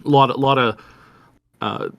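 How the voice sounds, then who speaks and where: A man's voice: medium pitch, fairly even intonation, normal speed, gravelly, a bit bright, dull audio. A man co-hosting a gaming podcast in a mid-range voice. He rambles, restarts his sentences often and sounds openly disgusted with what he is criticizing. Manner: rambling, frequent restarts, indignant. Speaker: podcast co-host. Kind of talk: casual podcast commentary.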